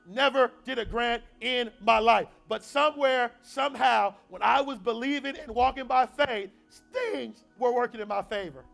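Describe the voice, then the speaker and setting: A man's voice: very high-pitched, normal speed, creaky, hardly any pauses, fairly bright tone, faint music behind. A young man giving a motivational talk at a university event, with a call-and-response preaching rhythm. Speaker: motivational speaker.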